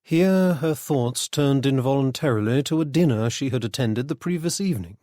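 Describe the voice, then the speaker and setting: A male audiobook narrator with a middling pitch, reading in a measured, even way. The recording is close and dry, with no room sound. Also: no echo. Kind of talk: scripted storybook narration.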